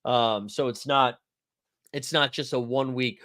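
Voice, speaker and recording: A man's voice: medium pitch, fairly even intonation, normal speed, sharp tone. A man hosting a fantasy basketball livestream, chatting loosely and jokingly, greeting viewers by name from the comments. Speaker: fantasy sports livestream host. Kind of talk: casual livestream chat reading viewer comments.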